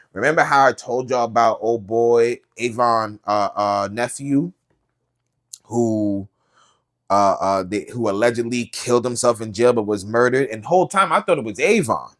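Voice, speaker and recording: A man hosting a podcast, casually recapping a TV series in slangy, animated storytelling with lots of filler. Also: medium pitch. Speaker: podcast host.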